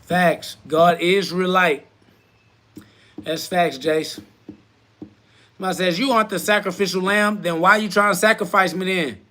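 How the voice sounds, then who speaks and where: Guy ranting on his live podcast, high pitched, talks back to critics, crude slang. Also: fairly even intonation, measured pace, long pauses, bright, forceful tone. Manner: preachy, confrontational, repeats short slogans; voice cracks up into high shrieks when heated. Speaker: podcast host. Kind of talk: live self-talk religious monologue.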